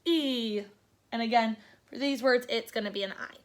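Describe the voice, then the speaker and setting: A young woman teacher giving a phonics lesson to children, sounding words out slowly part by part and encouraging them. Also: on the high side. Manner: slow, sounding out word parts, encouraging.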